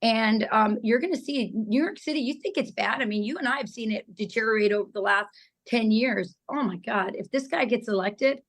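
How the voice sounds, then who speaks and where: Female guest commentator, earnest and passionate, mid-pitched with some vocal fry. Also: moderate pace, rough recording. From United States. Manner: passionate, personal storytelling with frequent fillers. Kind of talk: political talk show conversation.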